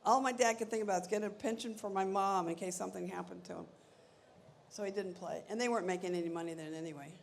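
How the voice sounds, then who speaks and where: An older woman being interviewed on stage, telling lively stories and acting out the voices of the people she quotes. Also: medium pitch, fast, vocal fry, a little hiss or hum. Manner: animated, acts out quoted voices. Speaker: interview guest. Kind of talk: anecdotal storytelling on stage.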